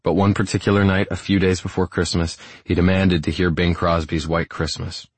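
A man with a very deep, husky voice narrates a first-person romance audiobook. His delivery is steady and reflective. The sound is dry and close, with no room around it. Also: a little fast, no echo.

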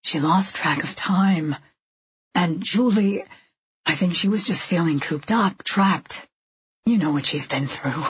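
A woman's voice: fairly low pitch, slow, husky, dull audio, full character voice. A woman voicing a stern, tall husband. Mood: consoling. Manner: angry, clipped and forceful. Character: tall stern husband, middle-aged man.

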